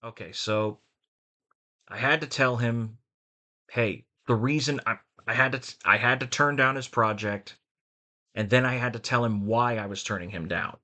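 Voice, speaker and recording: Bright-voiced rambling male vlogger. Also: mid-range voice, normal speed. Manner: rambling, frank, with restarts. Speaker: voice actor and vlogger. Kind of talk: rambling casual vlog.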